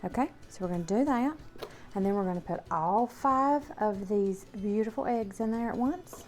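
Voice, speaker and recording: Southern lady showing a recipe in her kitchen, chatty and homey, keeps saying okay, soft music behind. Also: medium pitch, normal speed. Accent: Southern American. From Southern United States. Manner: chatty and homey, addresses viewers directly, often apologizes and checks in with "okay?". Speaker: cooking show host. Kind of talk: casual cooking demonstration. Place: home kitchen.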